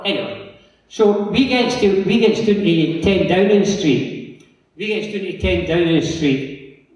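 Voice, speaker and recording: A Scottish man with a fairly high voice tells a long, rambling story to a conference audience. He acts out the other people's lines as he goes. He is picked up from a distance in a big hall with a long, echoing reverb. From Scotland. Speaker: local councillor giving a talk. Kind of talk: anecdotal conference talk. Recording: echoey hall from far off.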